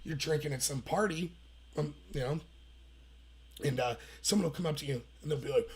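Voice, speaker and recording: A man's voice: fairly high pitch, fairly quick, darkish tone. A man in his thirties hosting an opinionated livestream, telling stories in a heated, sarcastic way. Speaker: political commentary host.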